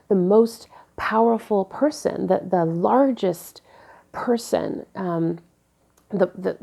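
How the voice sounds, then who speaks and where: A woman in her forties speaking candidly to camera, telling personal stories and reflecting slowly and deliberately. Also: medium pitch, gravelly, darkish tone. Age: 40s. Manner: candid, storytelling, turns slow and deliberate when reflective. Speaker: vlogger.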